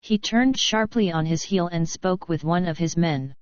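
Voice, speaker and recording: A woman narrates an audiobook in a measured storytelling manner. Her voice sits low and smooth. The recording is dull and dry, with no trace of a room. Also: dry recording.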